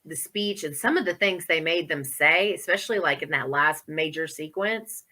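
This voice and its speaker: A bright, lower-pitched woman, talking in a loose, chatty way on a horror podcast. She fills her talk with ums and likes and laughs easily. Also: normal speed. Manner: chatty, laughs often, many fillers. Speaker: podcast co-host. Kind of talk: casual chat.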